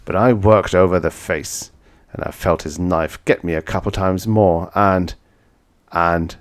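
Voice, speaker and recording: A man reading a vintage science fiction story aloud in first person, dramatic, going from hushed to shouting. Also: sits low, fairly even intonation, unhurried. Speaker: audiobook reader.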